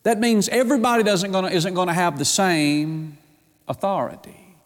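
Male preacher, slightly high voice, emphatic sermon delivery, long church-hall reverb. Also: moderate pace. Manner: emphatic, rhetorical questions to the congregation.

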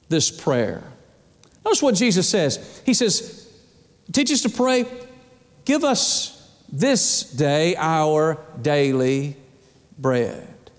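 A man preaching a sermon as pastor, emphatic, stretching key words slowly and dropping low at the ends of phrases, calling out to the congregation. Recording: long hall reverb.

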